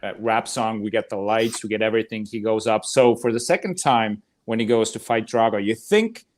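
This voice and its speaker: A man's voice: on the low side, fairly quick. A man co-hosting a casual podcast chat, reacting eagerly to the others. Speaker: podcast co-host.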